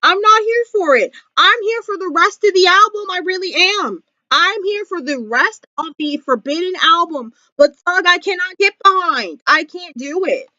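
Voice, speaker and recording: Woman vlogger ranting, really high voice, kinda dull lo-fi sound. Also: normal speed, hardly any pauses, dry recording. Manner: animated, emphatic, repeats herself. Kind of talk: casual commentary vlog.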